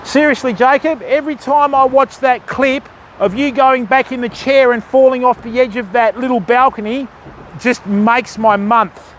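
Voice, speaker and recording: A man's voice: very high voice, fairly even intonation, normal speed, hardly any pauses, a little hiss or hum. An Australian man hosting a live fishing stream outdoors, chatting and joking with his viewers while he casts. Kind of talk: casual live-stream chat.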